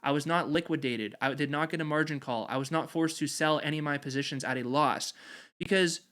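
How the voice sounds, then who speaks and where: A man's voice: fairly high pitch, brisk, fairly bright tone. Confident man explaining markets. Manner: confident, repetitive emphatic phrasing. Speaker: investing channel host. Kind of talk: explainer over a chart.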